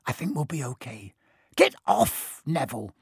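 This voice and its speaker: A man voicing a frightened young boy wizard, hushed and urgent. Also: on the high side, very animated, normal speed, creaky, slightly rough, no room sound, studio quality, exaggerated voice. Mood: tense.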